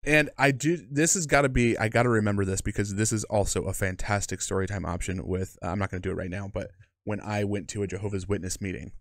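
A man's voice: fairly low pitch, fairly even intonation, fast talker, no echo. A man co-hosting a podcast in casual chat, blunt and opinionated, with frequent swearing. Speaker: podcast co-host.

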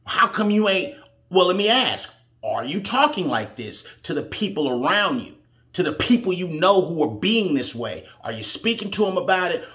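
A man with a fairly high voice, talking bluntly and with heat. He swears freely and drives his points home like a sermon, giving his own reaction commentary. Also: big pitch swings, normal speed, a bit bright. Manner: blunt, heated, profane, preachy. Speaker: reaction show host.

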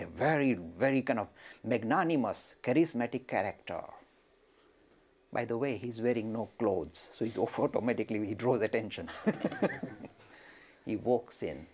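A male religious lecturer telling a teaching story, with a gravelly, husky voice. His pitch rises and falls widely, and he often turns to speak straight to his listeners. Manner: expressive, addresses listeners directly.

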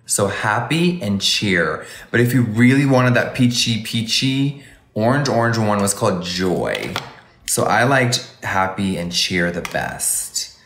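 A man's voice: fairly low pitch, lively intonation, slow pace, fairly bright tone, echoey room, slight background noise. A man doing a casual live makeup review, gushing and exclamatory and calling viewers baby and honey. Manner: gushing, exclamatory, campy endearments. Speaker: makeup livestreamer.

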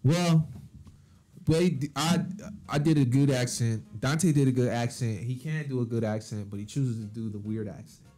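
A man's voice: mid-range voice, normal speed, mellow, soft background music. A man co-hosting a game playthrough, cracking mock-serious jokes and teasing his partner in casual banter. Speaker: let's play co-host.

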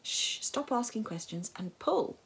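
A woman voicing a brisk, sharp-witted woman detective who gives clipped, commanding orders in a hushed voice. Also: on the low side, expressive. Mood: urgent hush. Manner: clipped, bossy, hushed urgency.

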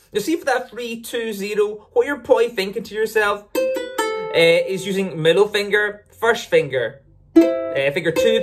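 An ukulele teacher explaining licks in a casual, upbeat way, often correcting themselves mid-sentence. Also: mid-range voice. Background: ukulele playing between phrases.

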